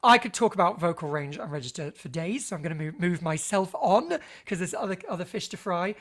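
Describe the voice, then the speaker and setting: A man's voice: sits high, lively intonation, fairly quick, a bit bright. A man leading a vocal health workshop for teachers, chatty and playful with theatrical asides.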